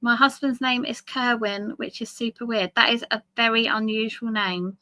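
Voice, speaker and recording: A woman's voice: on the high side, steady tone, moderate pace, sharp tone, no room sound. A woman with an English accent, chatting and giggling as a guest on a casual livestream call. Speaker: guest artist. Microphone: video call.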